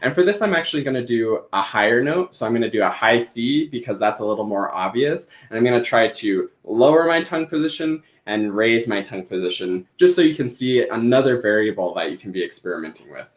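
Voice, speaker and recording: A man's voice: mid-range voice, animated, a little fast, hardly any pauses, reverberant. A man teaching clarinet in a live-streamed lesson, explaining each step as he demonstrates.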